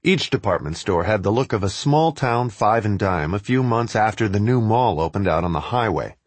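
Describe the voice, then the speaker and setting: Sardonic guy reading his own travel story, husky, lively ups and downs, dry sound. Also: on the low side, moderate pace, no echo. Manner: wry, sardonic. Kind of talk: first-person narration read aloud.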